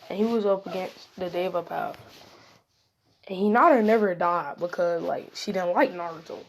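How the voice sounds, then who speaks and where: A woman's voice: on the low side, moderate pace, a little hiss or hum. A woman casually telling an improvised fan story, rambling and correcting herself as she goes. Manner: rambling, self-correcting, slangy.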